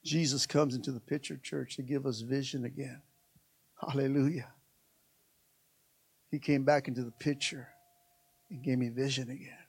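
A man's voice: medium pitch, fairly even intonation, moderate pace, vocal fry, pauses often, darkish tone, slightly rough. A man preaching a sermon as pastor, emphatic and repetitive, calling out to his congregation again and again.

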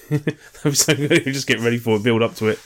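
A man's voice: mid-range voice, a little fast. Man, podcast co-host, rambling, sweary, keeps losing his train of thought. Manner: rambling, searches for names, frequent swearing. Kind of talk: casual chat.

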